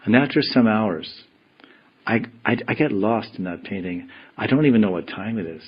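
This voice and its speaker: A man giving a devotional scripture class, telling stories in a slow, meditative way. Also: on the low side, lively intonation, breathy edge, muffled recording. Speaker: spiritual teacher.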